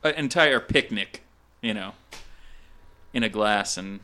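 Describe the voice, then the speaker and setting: A man's voice: fairly low pitch, takes it slowly, pushed and bright, slight background noise. A man from Minnesota chatting casually on a podcast, telling rambling, jokey stories. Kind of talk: casual chat.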